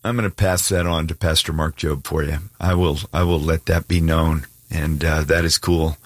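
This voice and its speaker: A man hosting a call-in radio show, warmly affirming callers and introducing the next one. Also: rumbling low, steady tone, moderate pace, no room sound. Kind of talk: casual radio chat with callers.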